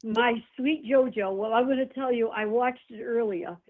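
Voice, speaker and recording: A woman's voice: a little high, moderate pace. An older woman who runs an animal rescue, chatting affectionately on a phone call and calling people honey and darling. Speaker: animal rescue nonprofit founder. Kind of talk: casual phone chat. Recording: tinny phone line.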